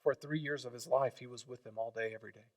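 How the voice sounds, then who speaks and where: A man preaching a sermon, swinging from loud emphatic lines to quiet hushed ones. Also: mid-range voice, steady tone, fast, no echo, recorded from a distance. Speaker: pastor.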